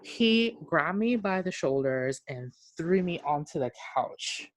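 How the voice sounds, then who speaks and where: A woman with a deep, low-pitched voice tells a long story as a podcast co-host. She talks casually and with energy, swears freely, and acts out what each person said. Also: slow. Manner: animated, acts out quoted speech, swears freely.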